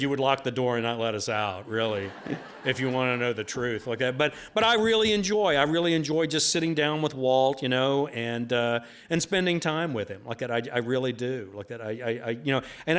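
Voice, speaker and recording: With a mid-range, fairly bright voice, a man speaking at his book event spins meandering stories for the crowd. He pokes fun at himself, chuckles at his own jokes, and leans heavily on recurring filler phrases.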